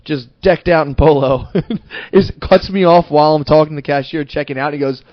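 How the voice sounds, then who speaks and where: A man co-hosting a podcast, telling stories in an animated, profane way and laughing often. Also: fairly high pitch, a little fast, dry recording, lo-fi sound. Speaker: podcast co-host. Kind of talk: casual storytelling chat.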